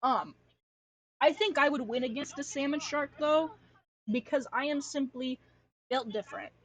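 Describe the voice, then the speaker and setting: A young adult woman from Alaska streams from her computer at home, rambling casually in slang, poking fun at herself, and swearing freely. Her voice sits high and she talks at normal speed.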